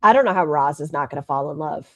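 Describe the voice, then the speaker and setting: A woman's voice: deep voice, lively intonation, fast talker, loud music behind the voice. A woman making snarky reaction commentary on a video, mocking it and swearing freely. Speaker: commentary streamer.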